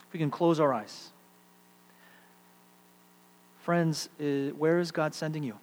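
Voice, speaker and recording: A middle-aged man preaching a sermon, shifting between loud emphatic peaks and hushed, quiet stretches. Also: a little high, moderate pace. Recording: long hall reverb, faint mains hum.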